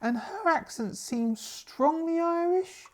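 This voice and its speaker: A man puts on an eager young student in a horror tabletop game. The student asks questions in a high, raised voice. It sounds a little farther from the mic. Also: animated, slow, heavily acted. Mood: inquisitive.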